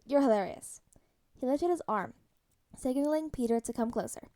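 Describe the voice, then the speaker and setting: A woman narrating a story aloud as a podfic, her voice fairly high yet mellow and warm. She reads in a soft, even storytelling manner, steady from line to line. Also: normal speed. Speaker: podfic reader. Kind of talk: audiobook-style fan fiction reading.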